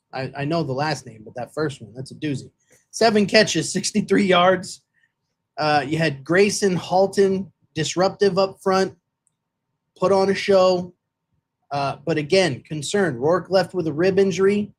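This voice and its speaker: A man co-hosting a football podcast, talking in casual chat with lots of fillers and restarts. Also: sits high. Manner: rambling, many fillers and restarts. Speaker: podcast co-host.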